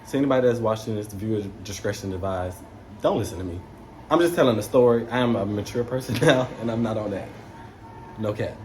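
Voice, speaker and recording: A young man casually telling a story to camera, animated, slangy and swearing freely. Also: on the low side, quick pace, slight background noise.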